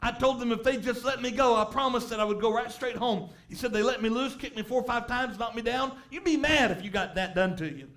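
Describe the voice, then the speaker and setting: A man preaching a sermon, telling a story and rising to shouts of emphasis. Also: very high-pitched, fairly quick, hardly any pauses. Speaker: pastor.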